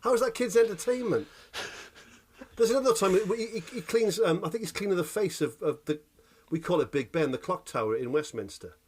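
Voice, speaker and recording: Sweary man telling animated stories. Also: fairly high pitch, brisk, few pauses, slightly rough. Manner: animated storytelling, sweary, keeps asking "right?". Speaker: podcast co-host. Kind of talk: casual chat.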